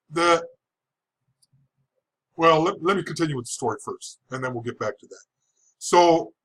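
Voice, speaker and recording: A man with a slightly higher-than-average voice recounts his own story in a relaxed, chatty way. He often restarts his sentences and chuckles as he goes. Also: slightly rough, low-quality recording. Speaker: person giving a testimony. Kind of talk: casual storytelling.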